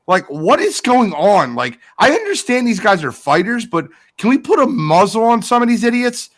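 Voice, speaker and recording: A man's voice: high-pitched, very animated, normal speed, hardly any pauses, fairly bright tone. A man co-hosting a sports podcast, ranting in an exasperated, emphatic way. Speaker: podcast co-host. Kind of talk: heated sports podcast talk.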